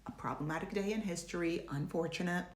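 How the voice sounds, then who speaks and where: A young adult woman from the United States, a journalist giving casual video essay commentary with sarcastic, joking asides and big swings in pitch. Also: quick pace. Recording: echoey room.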